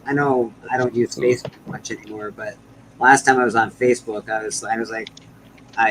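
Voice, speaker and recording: A Canadian man in casual podcast chat with a bright, forward edge to his voice. He talks with quick, wry, self-deprecating asides. A faint hiss sits behind him. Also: medium pitch, steady tone, poor audio. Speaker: podcast co-host.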